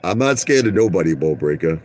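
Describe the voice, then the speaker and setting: A man's voice: low-pitched, animated, a little fast. A middle-aged man from Brooklyn, telling rambling, boastful stories to his viewers from inside his car and repeating "listen to me" and "okay?". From Brooklyn, New York. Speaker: vlogger.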